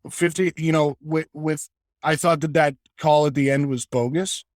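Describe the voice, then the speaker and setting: A man's voice: fairly high pitch, steady tone, moderate pace, no echo. A man co-hosting a casual sports podcast, ranting with passion and stumbling over restarts as he argues his point. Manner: impassioned, ranting, many restarts. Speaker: podcast co-host.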